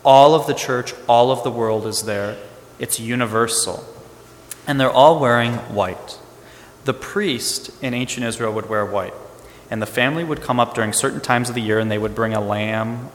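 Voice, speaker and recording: A man's voice: mid-range voice, normal speed, a little hiss or hum. A man, a priest, giving a sermon in a conversational storytelling way, acting out bits of dialogue. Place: church. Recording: echoey church hall with reverb.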